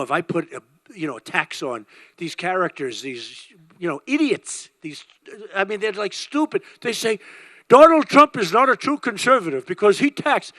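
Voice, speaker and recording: Bright, high-pitched older man giving a speech. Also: no echo. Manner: emphatic, repetitive, rambling. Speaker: political candidate. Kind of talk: campaign rally speech.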